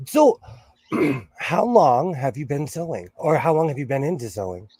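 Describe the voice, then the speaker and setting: A man's voice: on the high side, sing-song, moderate pace, mellow, slightly rough, dry recording. A man with a West Coast accent hosting a casual livestream, greeting viewers by name in an upbeat way. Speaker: livestream host.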